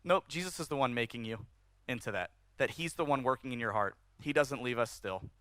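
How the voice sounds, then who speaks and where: Guy preaching a sermon, bright forceful voice, kinda high, dry close sound. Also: a little fast, no echo. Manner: animated, conversational preaching with rising emphasis. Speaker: pastor. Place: church service.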